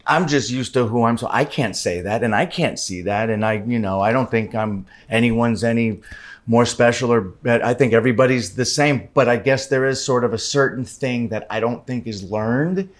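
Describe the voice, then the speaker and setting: A man of about fifty talks as a guest on a podcast. He is candid and animated, telling stories in a middle-pitched voice and swearing freely. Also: moderate pace. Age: 50s. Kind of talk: casual interview conversation.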